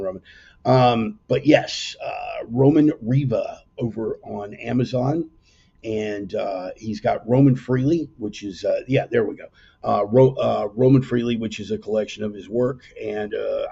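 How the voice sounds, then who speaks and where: A man's voice: lowish voice, vocal fry, warm tone, slightly rough, highs cut off. A man hosting his show casually from a dining room table, rambling and brash, with frequent self-corrections. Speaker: podcast host. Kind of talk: casual livestream commentary. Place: dining room in a private home. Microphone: laptop.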